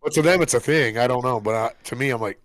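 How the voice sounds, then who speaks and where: A man's voice: mid-range voice, fast talker, fairly bright tone, no room sound. Man in his forties, podcast co-host, blunt, profane, exasperated dad, dry sound. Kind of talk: casual chat.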